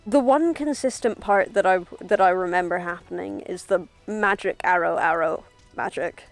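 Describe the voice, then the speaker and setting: A woman's voice: fairly low pitch, normal speed, hardly any pauses, no echo, soft background music. A young woman streaming a video game from home on a headset mic, chatting casually and swearing freely as she plays. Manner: swears freely, talks to herself while playing. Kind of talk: casual gaming stream chat. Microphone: headphones with mic.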